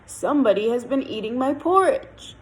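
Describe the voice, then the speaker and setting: A woman voicing a big father bear in a storybook tale, with a growly, louder delivery. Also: a little high, lively intonation, normal speed, pitched above the performer's own voice, close to an everyday voice. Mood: stern. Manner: growly and loud.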